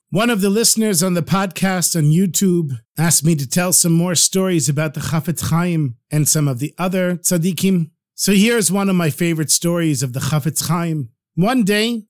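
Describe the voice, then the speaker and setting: A man narrating stories for a podcast in a lively, animated way. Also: high voice. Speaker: storyteller.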